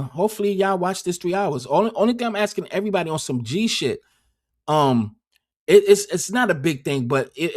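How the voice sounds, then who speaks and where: A man hosting a casual livestream, rambling and swearing heavily, often repeating words as he talks. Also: fairly high pitch. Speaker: livestream host.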